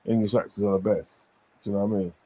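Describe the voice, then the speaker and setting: A man's voice: lowish voice, little pitch movement, fast talker, warm tone. A man chatting casually on a stream, rambling with many fillers and repeated phrases. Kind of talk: casual chat.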